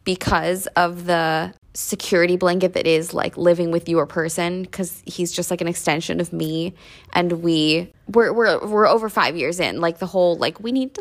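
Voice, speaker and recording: A woman in her twenties co-hosting a podcast, chatting in a relaxed, easygoing way. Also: lowish voice, moderate pace. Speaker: podcast co-host. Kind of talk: casual chat.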